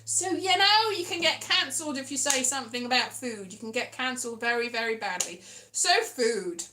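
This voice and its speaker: A woman's voice: on the high side, normal speed, bright, forceful tone, roomy sound, slight background noise. A British woman rambling casually to camera, chatty and self-mocking, with frequent restarts and trailing asides. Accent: British English. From Britain. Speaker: vlogger.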